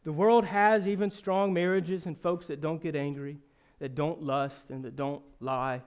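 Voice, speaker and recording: High, smooth-voiced preacher man. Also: fairly even intonation, a little slow, highs cut off. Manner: earnest, builds to emphatic rhetorical questions, then drops soft; storytelling with self-deprecating humor. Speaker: pastor. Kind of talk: sermon.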